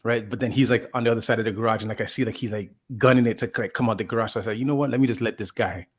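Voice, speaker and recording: A man with a fairly low voice tells a long, winding story in casual chat. He rambles, restarts his sentences and fills them with "like" as he acts out what people said. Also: steady tone, racing, breathy edge. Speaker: podcast co-host.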